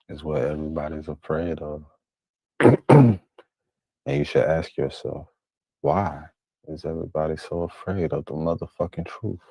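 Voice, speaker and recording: Very deep-voiced man, blunt street talk. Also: mellow, breathy edge, no room sound. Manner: blunt, swearing, street slang. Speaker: reaction streamer. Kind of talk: casual profane commentary.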